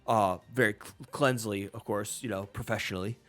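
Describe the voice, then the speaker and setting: Eager dim-witted bouncer, put on by a male game master, rushed and rough. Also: lowish voice, fairly even intonation, fairly bright tone, lightly acted.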